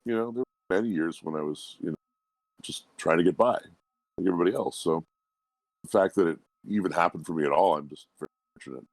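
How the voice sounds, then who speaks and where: A man, a guest voice actor, talking in a relaxed interview in a reflective, humble and unhurried way. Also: low-pitched, no echo.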